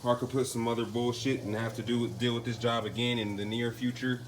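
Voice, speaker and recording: A man's voice: medium pitch, little pitch movement, fairly quick, slight background noise. A man casually narrating a car repair in a loose, slangy way, thinking aloud as he works. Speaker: DIY car repair vlogger.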